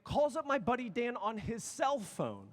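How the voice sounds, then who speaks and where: A man in his thirties, a youth conference speaker telling a story with excitable energy and sudden shouts. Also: extremely high pitch, a little slow. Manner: excitable, animated, bursts into shouts. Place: large conference hall. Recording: long reverb of a big hall.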